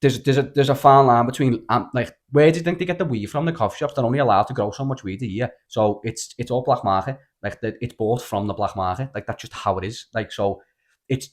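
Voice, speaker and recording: A man's voice: mid-range voice, brisk. A Scouse man co-hosting a podcast, telling rambling, sweary stories with plenty of stammered restarts. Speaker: podcast co-host. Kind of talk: casual storytelling chat.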